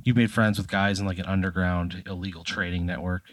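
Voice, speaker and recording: A man's voice: deep voice, flat delivery, a little fast, fairly bright tone, no echo. A man narrating as game master in a comedy tabletop game, loose and chatty with many fillers.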